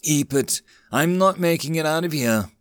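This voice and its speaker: A man's voice: on the high side, animated, normal speed, no echo, clean studio sound, pitched above the performer's own voice, natural voice. A man doing a dying, wheezing wounded man. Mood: weak. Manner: weak, wheezing.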